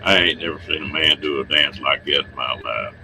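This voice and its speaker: A man's voice: rumbling low, fairly quick, vocal fry, pushed and bright, a little hiss or hum, rough recording. A man hosting a livestream, chatting casually with viewers in a folksy, chuckling way. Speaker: livestream host.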